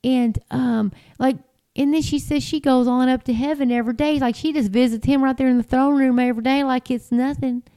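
A woman rambles through casual commentary, full of fillers and restarts, sounding exasperated and incredulous. Her voice sits high, steady, dark-toned and smooth, and she speaks briskly.

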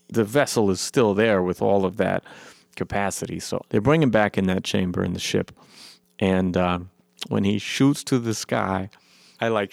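A man excitedly recapping a film in a rambling, profane way, his voice worn from long talking. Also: on the low side, vocal fry, no room sound, clean studio sound. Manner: enthusiastic, profane, rambling with many fillers. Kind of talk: excited movie recap monologue.

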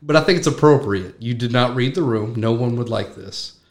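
A man's voice: medium pitch, a little fast. A young adult man hosting a podcast, chatting casually and joking with a friend, often laughing. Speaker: podcast host. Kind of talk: casual chat.

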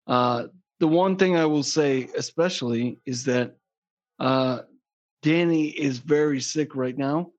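A man's voice: mid-range voice, slow pace. A man chatting casually as a podcast guest, joking crudely and rambling. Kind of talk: casual chat. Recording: dull lo-fi sound.

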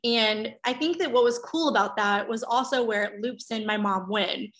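A woman's voice: normal speed, fairly bright tone. A woman, a mother in her thirties, telling a personal story in candid casual chat, swearing freely and acting out quotes. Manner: chatty, swears freely, acts out quotes with big pitch jumps.

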